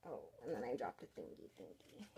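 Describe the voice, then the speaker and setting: A young woman giving a casual tarot reading, talking softly and rambling with many fillers. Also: extremely low pitch, creaky, very noisy. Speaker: tarot reader.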